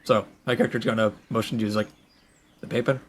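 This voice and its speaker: A man's voice: fairly low pitch, level tone, fast. A man playing a tabletop game, talking casually and hesitantly with many fillers. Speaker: player.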